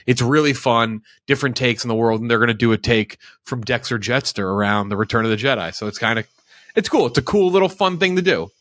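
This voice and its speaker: Enthusiastic halting podcast co-host man. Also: medium pitch, expressive, fairly bright tone, no room sound, studio quality. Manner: enthusiastic, halting, restarts often. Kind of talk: casual chat.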